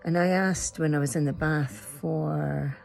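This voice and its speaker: A woman's voice: deep voice, fairly even intonation, a little slow, vocal fry, a little mellow, soft background music. A middle-aged Scottish woman chatting casually and emotionally, rambling through a personal story. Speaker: spiritual vlogger. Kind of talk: casual chat.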